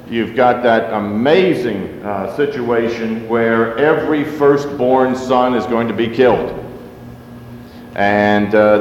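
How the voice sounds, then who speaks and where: A man's voice: medium pitch, lo-fi sound, a little hiss or hum. A man preaching a sermon to his congregation in a loose, conversational way, full of asides and fillers. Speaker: pastor. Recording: roomy sanctuary with long reverb.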